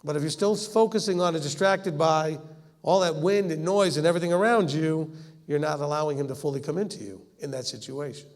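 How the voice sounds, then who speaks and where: A man's voice: fairly high pitch, fairly quick, a little mellow. A man teaching scripture in a conversational way, acting out the quoted lines and often laughing. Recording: long hall reverb.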